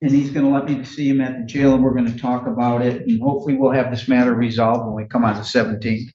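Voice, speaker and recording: A man speaking as a defense attorney in court, halting and hesitant. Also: mid-range voice, flat delivery, dark tone. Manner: halting, hesitant, with many restarts. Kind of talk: courtroom proceedings. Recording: dull, echoey courtroom audio with faint noise.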